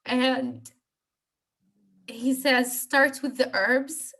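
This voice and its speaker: A woman's voice: high-pitched, drawn-out words, sharp tone. A woman in her thirties telling her personal healing story as a guest on a call, hesitant, with many fillers and restarts. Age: 30s. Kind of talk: personal testimony on a group call.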